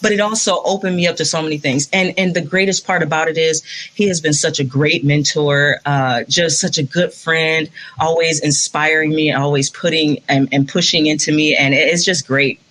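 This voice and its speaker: A woman's voice: deep voice, steady tone, normal speed, fairly bright tone. Enthusiastic woman saxophonist telling stories. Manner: enthusiastic storyteller, laughs often. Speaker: saxophonist guest. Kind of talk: casual interview chat.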